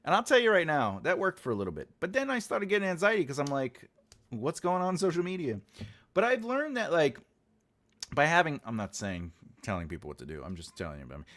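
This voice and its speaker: A man's voice: fairly high pitch, very animated, quick pace, fairly bright tone. A man from New York with a New York accent, hosting a casual livestream chat as an author and rambling through self-deprecating asides. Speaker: host, author.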